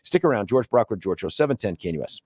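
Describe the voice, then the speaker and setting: A man's voice: animated, fast talker, a little mellow. A man hosting a radio talk show, telling jokey stories and acting out the other people in them. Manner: jokey storyteller, acting out dialogue with big pitch jumps. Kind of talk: casual radio banter. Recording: dry studio mic.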